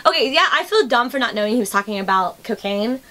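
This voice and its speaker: Young woman host, high and bright, chatty, plays out the voices in her stories. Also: expressive, fast talker. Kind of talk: casual chat.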